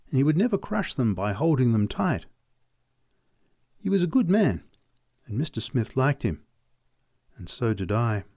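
A man reading short stories aloud in a measured storytelling manner. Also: vocal fry, dry recording, studio quality. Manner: measured storytelling, lively pitch. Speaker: reader. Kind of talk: audiobook narration.

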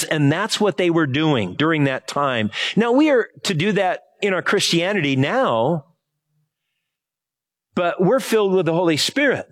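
A man from Hawaii giving an informal sermon, telling a personal story in a rambling, conversational way and asking the congregation to help him find words. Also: on the high side. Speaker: pastor.

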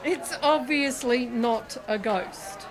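Woman playing skeptical teasing woman, high voice, slow unhurried talk. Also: some chatter behind. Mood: amused.

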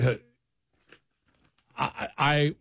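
A man's voice: fairly high pitch, little pitch movement, very slow, vocal fry, a bit bright, dry recording, studio quality. A man hosting an opinionated political talk radio show, sarcastic and mocking as he riffs on the news. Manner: sarcastic, mocking, mimics opponents.

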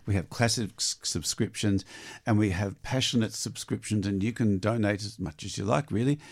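A man's voice: on the low side, normal speed. A man presenting on community radio, chatting loosely between music pieces during a fundraising drive. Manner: chatty, loose, self-correcting. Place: radio studio.

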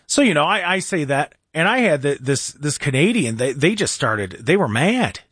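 A man's voice: fairly high pitch, very animated, moderate pace, a bit bright, slightly rough, no echo, studio quality. A man hosting a talk radio show, telling a story in a sarcastic, mocking way.

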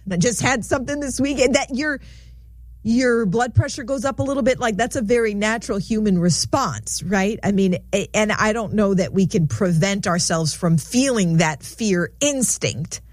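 A woman's voice: on the high side, normal speed, no echo, studio quality. A woman co-hosting a casual faith talk show, retelling anecdotes in a conversational way. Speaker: co-host.

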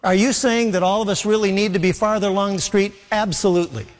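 A man's voice: sits high, fairly even intonation, fast talker. A man preaching an earnest sermon, often speaking Jesus' words to Peter as direct quotes. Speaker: pastor. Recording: long hall reverb.

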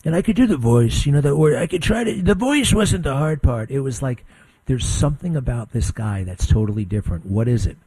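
A man's voice: mid-range voice, lively intonation, brisk, dark tone, breathy edge, no room sound. A man hosting a talk radio show, delivering a blunt, combative monologue that rambles and restarts.

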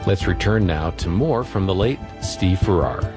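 A man with a low voice reads a scripted radio announcement, smooth and measured. Music plays clearly beneath his words. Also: lively intonation. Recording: studio voice over music.

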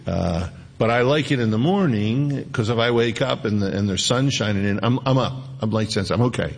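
Gravelly-voiced man preaching a sermon. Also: lowish voice, fairly quick. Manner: conversational preaching, homely asides and scripture read aloud. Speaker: pastor.

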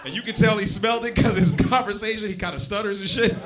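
A man doing a stand-up comedy set on stage, acting out both sides of scenes and dropping to a hushed voice for asides. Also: fast talker, heavy background noise. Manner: drops to a low hushed voice for asides. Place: comedy club stage with laughing audience. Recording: live club, loud crowd laughter.

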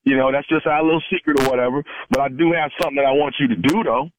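Pushy prank caller, faint hiss. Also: male voice, medium pitch, very fast, dull audio. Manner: pushy, laughs under his breath. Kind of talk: prank phone call.

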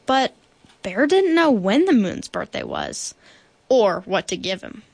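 A woman reading a children's picture book aloud in slow, deliberate storytelling. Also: medium pitch, wildly swooping pitch, gravelly, no room sound. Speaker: guest reader.

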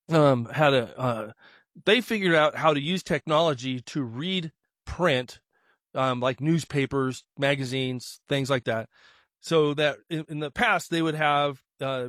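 A man's voice: fairly high pitch, a bit bright, dry recording, clean studio sound. A man hosting a business talk radio interview, jokey and loose, laughing easily and restarting his sentences. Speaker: radio show host.

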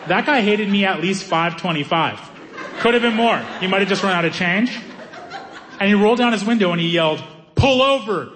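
A man doing stand-up comedy, telling a story in an animated way and acting out the people in it. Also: sits high. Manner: animated, acts out characters' voices.

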